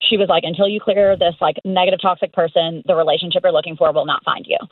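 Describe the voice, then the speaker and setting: A woman's voice: lowish voice, fairly even intonation, quick pace, no echo. Woman in her 30s calling in, tinny phone sound, dry, laughs a lot telling her story. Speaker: caller. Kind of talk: casual storytelling on a call-in show. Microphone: phone call.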